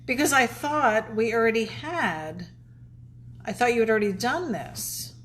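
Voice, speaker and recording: A woman's voice: on the high side, expressive, unhurried, a bit bright, a little hiss or hum. Easygoing woman co-hosting a live stream. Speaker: co-host reading viewer comments. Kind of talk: casual live-stream chat.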